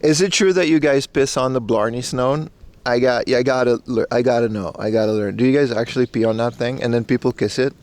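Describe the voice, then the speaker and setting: A man's voice: medium pitch, brisk, darkish tone. A man streaming live from a park, chatting casually and reading out chat with loose, slangy rambling. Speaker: IRL streamer. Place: outdoors in a park in Japan.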